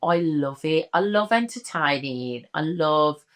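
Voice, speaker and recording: A woman's voice: low voice, lively intonation, takes it slowly. A woman from the UK, a drag performer and interview guest, talking in an earnest, heartfelt and self-deprecating way. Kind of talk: casual interview chat.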